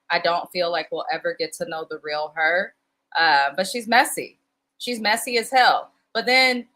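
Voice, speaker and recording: A woman's voice: mid-range voice, pushed and bright. A woman co-hosting a casual reality TV recap, blunt and opinionated. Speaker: show co-host.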